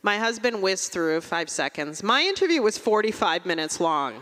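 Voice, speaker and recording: A woman from Russia performing a stand-up comedy set, with a dry, deadpan, self-mocking delivery. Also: medium pitch, moderate pace, long reverb tail.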